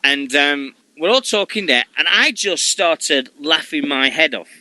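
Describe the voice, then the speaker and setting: A Sheffield man co-hosts a radio chat show, full of swearing and eager storytelling. His voice is fairly high and very bright, recorded close and dry. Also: expressive, measured pace, no room sound, low-quality recording. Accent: Sheffield English. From Sheffield, England. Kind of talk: casual chat.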